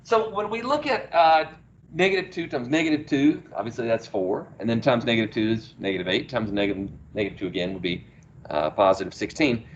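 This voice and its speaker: A man's voice: medium pitch, a little fast, highs cut off, a little hiss or hum. A male math teacher, lecturing a class, asking questions and praising the answers. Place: classroom, heard through a small speaker.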